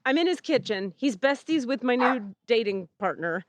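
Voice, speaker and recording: A woman's voice: on the high side, lively intonation, normal speed, very noisy. A woman hosting a podcast, telling a story in casual chat, acting out the people she quotes and swearing freely, recorded outdoors in a back yard. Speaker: podcast host.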